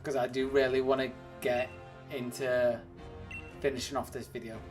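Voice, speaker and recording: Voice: medium pitch, flat delivery, moderate pace, darkish tone, soft background music. A streamer chatting casually to viewers during a game livestream, rambling between topics and laughing often. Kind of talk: casual livestream chat while gaming.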